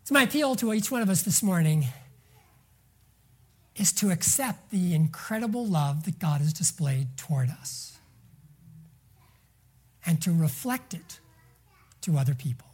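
A woman preaching a sermon in a slightly husky voice whose pitch rises and falls a great deal. She drops to soft, almost whispered phrases, then presses words out loudly and slowly for weight. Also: animated. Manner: dramatic swings between soft, near-whispered lines and loud emphasis; slow, drawn-out words for emphasis.

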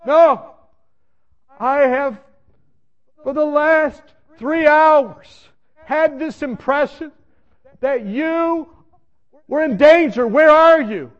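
A man voicing a weeping, frantic mother who pleads with her son on the phone in high, crying tones. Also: very slow, long pauses, muffled recording, full character voice. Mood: pleading, tearful.

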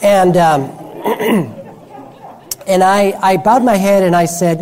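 A man's voice: sits high, slow pace, pauses often, darkish tone. A man preaching a sermon who tells personal stories with frequent restarts and self-corrections.

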